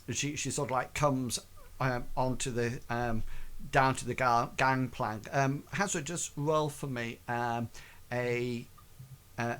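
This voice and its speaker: A man narrating a tabletop game as game master, halting and full of fillers. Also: mid-range voice, fairly bright tone, smooth.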